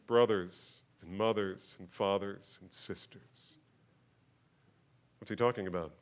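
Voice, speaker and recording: A man's voice: low-pitched, steady tone, slow pace, pauses often. Man preaching a sermon. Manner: builds from quiet talk to loud emphatic preaching. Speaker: pastor. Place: church sanctuary.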